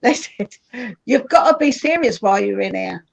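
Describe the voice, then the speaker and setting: A woman's voice: medium pitch, lively intonation, moderate pace, vocal fry. A woman, a guest on an interview show, chatting and telling stories about her husband. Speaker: guest, comedian's wife. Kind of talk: casual anecdote telling. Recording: dull lo-fi sound.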